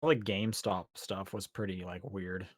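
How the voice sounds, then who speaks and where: A man's voice: deep voice, steady tone, moderate pace, no echo, clean studio sound. A man hosting a podcast, chatting casually and rambling with fillers and restarts. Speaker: podcast host. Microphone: podcast microphone.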